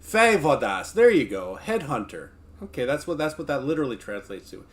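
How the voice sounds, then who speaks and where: A man's voice: mid-range voice, big pitch swings, brisk. A man streaming casually, joking with his viewers and reading a book aloud between chats. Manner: laid-back, joking, talks to chat between passages.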